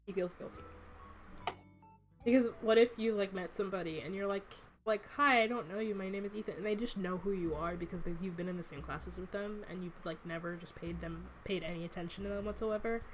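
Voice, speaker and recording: A woman's voice: on the low side, fairly quick, soft background music. A young woman who creates a webcomic, chatting and rambling casually on a livestream as she reads her comic. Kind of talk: casual livestream read-through.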